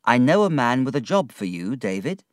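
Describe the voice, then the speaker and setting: A man voicing a gentle, worried young woman in a read-aloud story, in a soft, raised voice. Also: mid-range voice, sing-song, normal speed, no room sound, studio quality, pitched above the performer's own voice, lightly acted. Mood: concerned.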